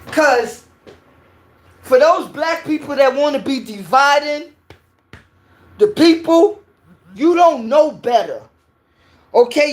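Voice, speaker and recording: A woman from New York with a New York accent, giving a heated, preachy opinion rant and repeating her points. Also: high-pitched.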